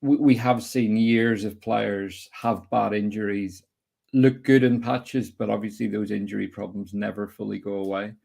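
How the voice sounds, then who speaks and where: A young man hosting a casual football podcast, chatty and opinionated, putting quick-fire questions to his guest. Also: lowish voice, steady tone, vocal fry, a little mellow. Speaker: host.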